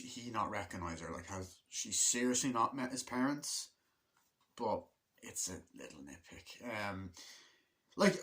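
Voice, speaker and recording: Male reviewer, mid-pitched, loose and rambling delivery, off-the-cuff vlog review. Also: a bit bright. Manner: rambling, loose and chatty, with many fillers and restarts; acts out film characters' lines in quick put-on voices. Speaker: movie reviewer. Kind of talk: casual spoken movie review.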